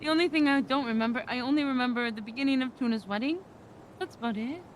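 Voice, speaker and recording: A woman talking in character in a roleplay game, soft and sweet. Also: high-pitched, fast, slight background noise.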